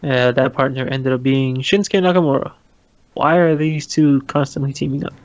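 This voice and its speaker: A man's voice: medium pitch, moderate pace, dull audio, a crowd in the background. A man casually chatting about wrestling as a podcast co-host, laughing often and swearing casually.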